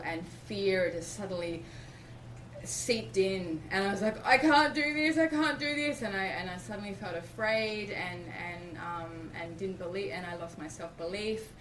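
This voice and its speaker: Animated Australian-born woman telling a story. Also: lowish voice, normal speed. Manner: animated, acts out quoted speech. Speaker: interview guest. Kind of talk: personal storytelling. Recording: roomy, distant mic, background noise.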